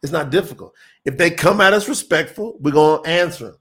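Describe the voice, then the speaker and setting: A man's voice: fairly high pitch, fairly quick, fairly bright tone. A man hosting a livestream, teaching on scripture and reading out viewer comments in an emphatic, insistent way. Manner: emphatic, insistent, laughs often.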